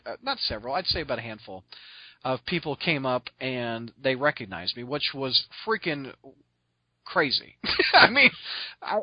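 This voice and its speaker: A man hosting a podcast, telling stories in an excitable, rambling way full of restarts and laughs. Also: mid-range voice, no echo, highs cut off. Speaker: podcast host. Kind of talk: casual storytelling chat.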